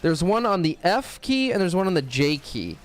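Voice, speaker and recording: A man's voice: high voice, big pitch swings, moderate pace. A young man streaming a video game, chatting casually in a rambling, crude and joking way, full of swearing. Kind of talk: casual gaming stream chat.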